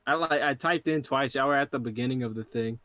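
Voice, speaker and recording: A man's voice: mid-range voice, brisk, a crowd in the background. A young man chatting casually with a friend over a game, laid-back and swearing as he tells a story. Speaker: co-player. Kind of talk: casual chat while playing a game.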